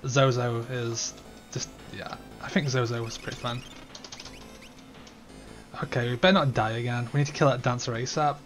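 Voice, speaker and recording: A man playing through a game on stream, chatting casually and reacting out loud to the game. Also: mid-range voice, fairly even intonation, normal speed, pauses often, soft background music. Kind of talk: let's-play commentary.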